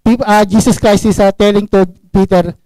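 High-voiced Filipino preacher, halting delivery. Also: male voice, steady tone, mellow, dry recording, poor audio. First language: Tagalog. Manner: halting, switches between English and Tagalog, many fillers. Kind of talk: sermon. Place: small church room.

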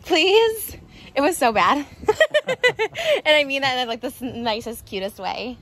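A woman's voice: sits high, big pitch swings, unhurried, fairly bright tone. An American woman hosting a vlog, chatting and giggling with lots of fillers while walking down a street. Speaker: vlog host. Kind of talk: casual chat while walking. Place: outdoors on a street.

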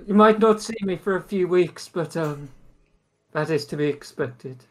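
A man's voice: a little high, a little slow, voice pushed up, lightly acted. A man playing Tiberius, earnest young warrior. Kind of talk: tabletop role-play.

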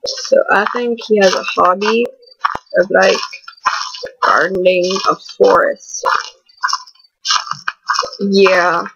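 This gaming channel host, a teenage girl, has a mid-range, steady voice, speaking slowly with frequent pauses. She giggles and rambles through horror game commentary full of filler words and sudden panicked outbursts, in a dull, lo-fi recording with noticeable background noise.

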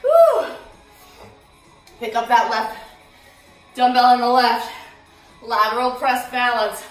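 A woman's voice: on the high side, unhurried, recorded from a distance, faint music behind. Breathless woman coaching a workout in an echoey room. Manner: energetic cueing with counts and encouragement. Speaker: fitness instructor.

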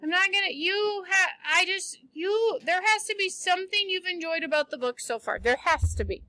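Woman teacher, chatty and teasing, bright high voice, reads a novel aloud to her class. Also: lively intonation, moderate pace, no room sound, low-quality recording.

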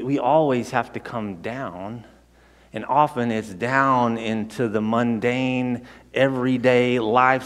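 Guy preaching in church, chatty storytelling, stumbles n restarts, big echoey hall. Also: mid-range voice. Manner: conversational, animated storytelling with repeated restarts. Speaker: pastor. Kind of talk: sermon. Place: church sanctuary. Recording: long hall reverb.

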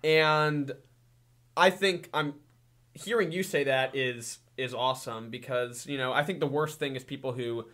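A man hosting a podcast in casual chat, given to joking deadpan sarcasm. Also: medium pitch, measured pace. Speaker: podcast host.

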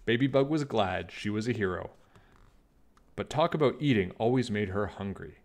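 Brief: lively male storybook reader, swinging pitch, expressive read-aloud. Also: normal speed. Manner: animated, expressive narration. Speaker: children's book reader.

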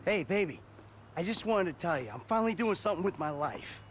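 A man's voice: sits high, expressive, fast talker, slight background noise. An actor playing an eager young man who leaves an upbeat voicemail.

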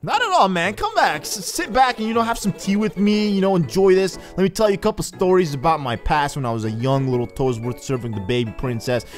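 A man's voice: high voice, animated, a little fast, hardly any pauses, soft background music, pitched above the performer's own voice. A man voicing a fussy old male mushroom butler with a put-on Indian accent, reading game dialogue in a formal, sing-song way. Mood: chummy.

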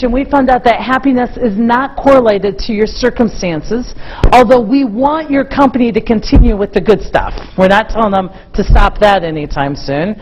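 Middle-aged woman, keynote speaker, animated storyteller addressing a crowd, slightly high pitch. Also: dull audio, noisy background. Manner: animated storytelling to a live audience. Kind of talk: motivational keynote talk.

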